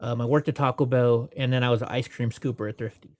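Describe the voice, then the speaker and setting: A man's voice: medium pitch, steady tone, fast, a little mellow. A man in his forties telling long stories as an interview guest, rambling and correcting himself as he goes. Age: 40s. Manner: rambling, self-correcting, laughs between anecdotes; puts on voices when quoting people. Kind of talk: storytelling in casual interview.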